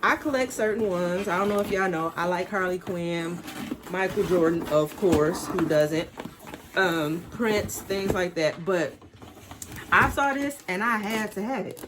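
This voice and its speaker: Excited Detroit woman, casual haul vlogger, talks straight to viewers, faint background noise. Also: fairly low pitch, a little slow. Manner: excited, chatty, addresses viewers as y'all. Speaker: sneaker vlogger. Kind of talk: casual unboxing haul vlog.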